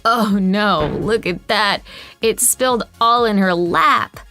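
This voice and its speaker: A woman's voice: medium pitch, slow, bright, forceful tone, faint music behind. A woman narrating a prank tutorial video in a cheery, exaggerated scripted style.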